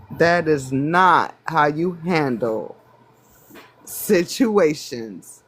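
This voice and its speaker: A man from the United States speaking on a phone in a live online panel debate, halting and hedging, with many restarts. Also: a little high, slight background noise. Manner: halting, full of restarts and self-doubt. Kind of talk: casual debate.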